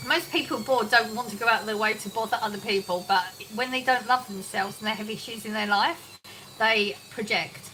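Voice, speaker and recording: An English woman talks her way through a casual livestream, reading viewers' comments aloud and answering them in a bright, slightly high voice. She laughs often and keeps things loose as she chats from her home kitchen, with faint noise behind her. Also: rough recording. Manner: chatty, reads chat aloud, laughs often. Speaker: livestream host.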